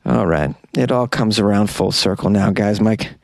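A man hosting a comedy news podcast, joking around in an animated way and laughing at his own jokes. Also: fairly low pitch, normal speed, gravelly, no echo. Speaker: podcast host.

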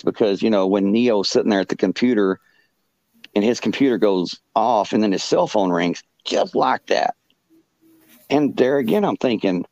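Deep-voiced man telling a halting story. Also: lively intonation, darkish tone, no echo, muffled recording. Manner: halting, full of "you know" fillers and restarts. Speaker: podcast guest. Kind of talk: casual storytelling.

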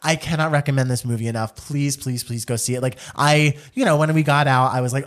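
A man's voice: medium pitch, brisk, few pauses. A man co-hosting a casual podcast, talking with gushing enthusiasm. His speech is packed with likes, restarts and repeated words. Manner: gushing, enthusiastic, many fillers. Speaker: podcast co-host. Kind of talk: casual chat.

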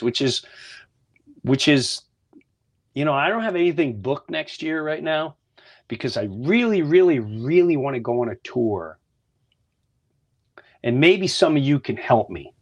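A man hosting a podcast, telling earnest, heartfelt stories in a casual monologue. He often restarts and repeats words, and sometimes drops to a near whisper. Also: mid-range voice. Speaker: podcast host.

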